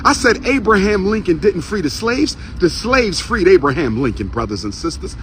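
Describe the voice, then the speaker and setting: Man with a high voice doing a fired-up street speech, repeats every line for punch, faint traffic behind. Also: very animated, normal speed, a bit bright. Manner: repeats lines for emphasis, preacher-like cadence. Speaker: street speaker. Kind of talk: fiery outdoor speech to a crowd. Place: outdoors on a city street by a historical marker.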